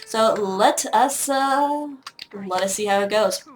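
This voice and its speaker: A woman's voice: mid-range voice, slow, slight background noise. Chatty woman casting a game match. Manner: chatty, self-mocking, hesitant with many fillers. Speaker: esports caster. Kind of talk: solo play-by-play commentary.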